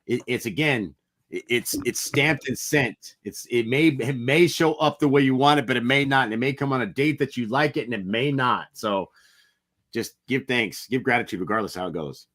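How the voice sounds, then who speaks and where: An earnest man co-hosting a podcast, with an average-pitched voice. He chats reflectively and circles back over his words for emphasis. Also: normal speed, fairly bright tone. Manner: earnest, repeats himself for emphasis. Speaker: podcast co-host. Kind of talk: casual reflective chat.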